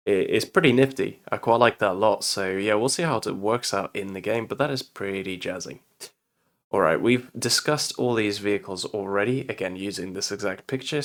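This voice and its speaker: A man's voice: on the low side, creaky, fairly bright tone. A British man giving casual, enthusiastic commentary on a war game, rambling and swearing casually as he goes.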